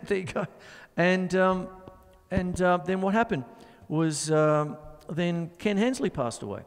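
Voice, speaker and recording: A man's voice: high-pitched, a little slow, clear, resonant tone, big-room sound. A middle-aged man hosting a live drum show, chatting in a rambling way and scatting drum rhythms. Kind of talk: casual live-stream chat and drum demonstration.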